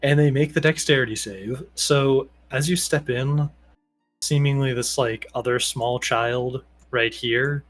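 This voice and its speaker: A man's voice: medium pitch, fairly even intonation, a little slow, soft background music. A man narrating as game master for a tabletop game, casual and rambling with many fillers.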